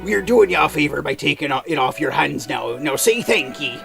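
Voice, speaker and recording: A man voicing a gruff, swaggering pirate captain who taunts in pirate slang, reading game lines aloud. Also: a little high, expressive, pushed and bright, faint music behind, heavily acted. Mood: taunting. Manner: growling pirate slang with drawn-out "yar". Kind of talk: reading game dialogue in a put-on voice.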